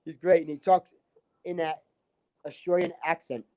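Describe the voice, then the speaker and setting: A man's voice: a little high, fairly even intonation, normal speed, dark tone. Rambling man telling a story. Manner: rambling, many restarts and "like"s. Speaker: livestream guest. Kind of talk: casual storytelling chat.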